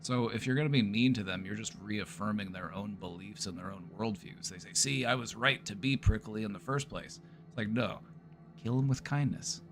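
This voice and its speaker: Man, lowish voice, casual livestream chat, playful, repeats himself, faint music behind. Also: fairly quick, creaky, a bit bright. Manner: playful, repeats phrases, laughs often. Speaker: therapist streamer.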